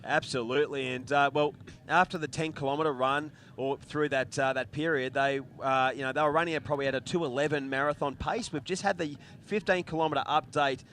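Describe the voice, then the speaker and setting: Male commentator, fairly high, bright voice, with faint outdoor ambience behind him. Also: fairly even intonation, brisk, slight background noise. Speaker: race commentator. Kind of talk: live race commentary.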